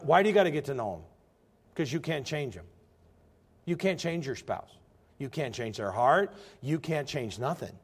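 A man's voice: medium pitch, big pitch swings, normal speed, slightly rough. A man preaching a sermon as pastor. He tells folksy stories and presses the congregation with direct questions, pushing harder as he drives his points home. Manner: folksy storytelling.

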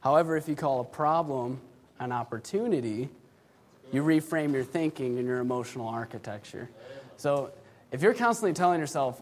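A man's voice: mid-range voice, moderate pace, darkish tone. A young man giving a sermon in a church, telling stories and laughing often between phrases. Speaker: youth speaker. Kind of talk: sermon with storytelling.

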